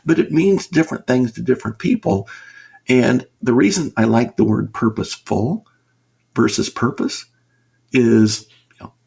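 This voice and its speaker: A man's voice: medium pitch, lively intonation, moderate pace, vocal fry, a little mellow, husky. A middle-aged man speaking earnestly as a guest in a conversational interview, stressing his points and asking rhetorical questions. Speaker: business author and consultant, guest.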